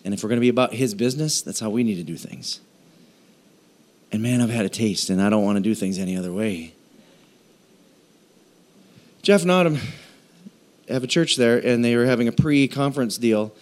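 A man preaching a sermon, telling stories and acting out quoted voices, with halting restarts between phrases. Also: mid-range voice. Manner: storytelling with animated quoted voices. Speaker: pastor.

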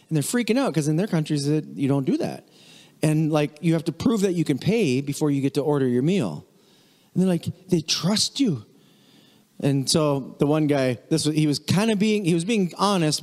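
A man preaching a casual, chatty sermon as pastor, animated and mimicking voices now and then. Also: a little high, long reverb tail. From United States.

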